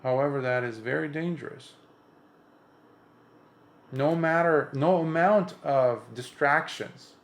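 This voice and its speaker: A man's voice: on the high side, slow, long pauses. A Buddhist monk giving an impromptu dharma talk, earnest and emphatic, lifting his voice on repeated points and often restarting his sentences.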